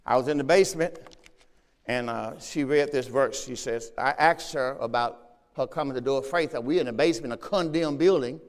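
Preaching pastor in a reverberant hall. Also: male voice, medium pitch, normal speed. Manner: preaching with call-and-response asides; reads scripture aloud in a raised voice. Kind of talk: sermon. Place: church.

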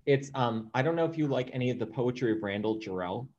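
A man's voice: mid-range voice, animated, quick pace, darkish tone, lo-fi sound. A man with a mid-range voice co-hosts a podcast from his apartment. He speaks emphatically and with enthusiasm in a casual discussion. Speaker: podcast co-host. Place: home apartment.

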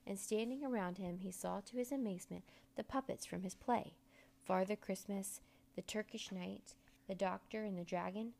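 A woman narrating a children's storybook aloud in an expressive, measured way. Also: mid-range voice, gravelly.

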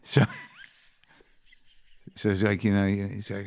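A man's voice: lowish voice, steady tone, a little slow, vocal fry, a little mellow, slightly rough, no room sound. A middle-aged man telling a long, rambling story in casual chat, profane and full of fillers. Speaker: guest comedian.

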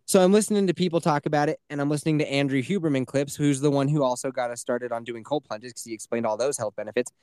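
A man's voice: medium pitch, fast talker, few pauses, mellow, smooth, no echo, studio quality. A man hosting a podcast, telling stories in a chatty, swearing way from a small closet. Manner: chatty storyteller, swears freely. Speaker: podcast host. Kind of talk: casual chat.

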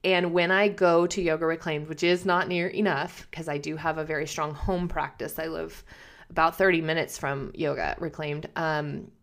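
A woman's voice: low-pitched, fairly even intonation, moderate pace. A woman in her thirties telling personal stories to her viewers in a casual, chatty way, laughing often and acting out what others said. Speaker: vlogger.

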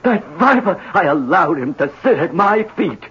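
An actor playing a melodramatic, vengeful fashion designer in a radio drama, talking in a grandiose, self-pitying way. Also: male voice, high-pitched, big pitch swings, moderate pace, a bit bright, slightly rough, dull audio, exaggerated voice. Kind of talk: 1970s radio drama acting.

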